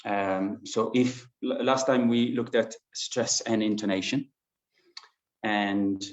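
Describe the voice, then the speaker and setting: A man with a fairly low, slightly mellow voice teaches an English class online, explaining patiently with lots of fillers and restarts. The audio is dull and lo-fi, captured in an echoey room.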